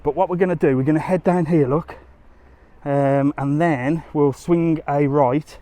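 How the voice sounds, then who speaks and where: A man's voice: medium pitch, darkish tone, a little hiss or hum. A man talks to his viewers on a live walking tour. His tone is chatty and easygoing, and he sounds a little winded. He speaks into a handheld phone outdoors. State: slightly out of breath from walking. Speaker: travel vlogger. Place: outdoors on a busy resort street.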